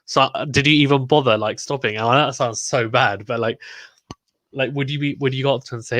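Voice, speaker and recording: British male stream host, chatty and rambling, mid-pitched voice, dry close sound, live watchalong commentary. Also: fairly even intonation, a little fast, a bit bright, no room sound. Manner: chatty, rambling, reads viewer comments aloud.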